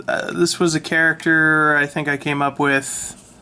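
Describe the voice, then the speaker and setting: A man casually talking through his old sketchbook, relaxed and self-mocking, with lots of ums and restarts, recorded on a handheld camera. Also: fairly high pitch, measured pace, smooth. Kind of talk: casual rambling commentary. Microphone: handheld camera mic.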